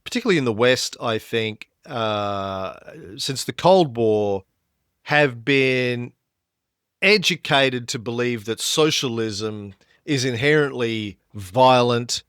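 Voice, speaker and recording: A man's voice: mid-range voice, takes it slowly, fairly bright tone, smooth, no echo, clean studio sound. A man co-hosting a history podcast, explaining events with frequent fillers and restarts. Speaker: podcast co-host.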